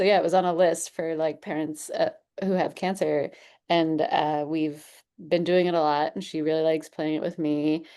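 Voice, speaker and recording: A woman's voice: sits low, dark tone. A woman speaking on a panel as a parent with cancer, chatty and rambling with many fillers. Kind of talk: panel discussion.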